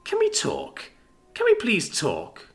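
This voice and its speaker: A man's voice: high-pitched, huge pitch swings, slow, faint music behind, voice pushed up, heavily acted. A man voicing a blunt, aggressive young man in a narrated story, who swears freely and swings between menace and worry. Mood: earnest.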